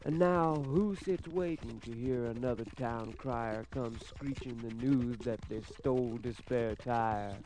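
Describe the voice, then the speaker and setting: A man reciting a rhyming spoken-word story in a rhythmic, quiet way. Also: mid-range voice, unhurried, hardly any pauses, a little hiss or hum.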